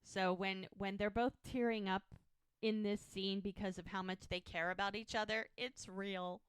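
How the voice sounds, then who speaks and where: Woman, podcast co-host, casual recap, smooth clear voice, dry close sound. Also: no room sound. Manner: animated recapping, acting out lines with quick shifts in pitch.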